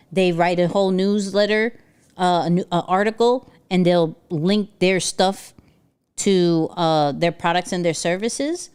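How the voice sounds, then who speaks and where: A woman's voice: mid-range voice, a little mellow, smooth. A woman creator chatting casually on a live stream, slangy and repeating herself as she talks to her viewers.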